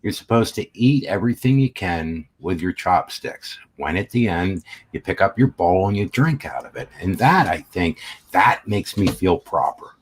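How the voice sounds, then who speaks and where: A man joining a casual livestream chat over a video call, talking in an animated, jokey way. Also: low-pitched, normal speed, slight background noise. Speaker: guest.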